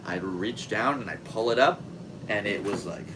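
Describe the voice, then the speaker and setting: Against a noisy background, a podcast host with a fairly low pitch talks at normal speed. His storytelling is casual and animated, with free swearing and impressions of the voices he quotes.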